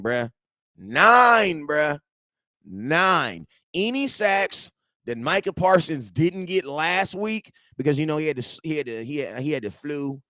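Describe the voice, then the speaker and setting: A man about forty hosting a casual football fan show from his garage, animated and slangy, swinging between loud outbursts and low asides. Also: no room sound, clean studio sound.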